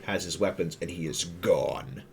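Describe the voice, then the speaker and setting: Very deep-voiced male game master. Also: measured pace, noisy background. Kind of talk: narrating a tabletop game.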